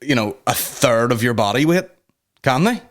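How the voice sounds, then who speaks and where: A man hosting a comedy podcast, rambling loosely from one tangent to the next. His speech is crude and full of swearing. He talks at an ordinary mid pitch in a casual, off-the-cuff way. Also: animated, moderate pace.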